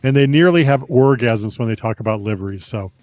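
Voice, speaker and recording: A man's voice: mid-range voice, lively intonation, a little fast, darkish tone, no room sound, faint music behind. An American man co-hosting a podcast, joking loosely and laughing between lines. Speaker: podcast co-host. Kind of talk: casual banter.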